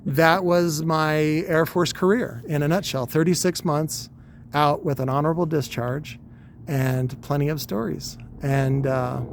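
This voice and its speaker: A man's voice: on the high side, steady tone, unhurried, a little hiss or hum. A man in his forties casually telling a long, rambling, profane story with wry humor. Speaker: podcast host.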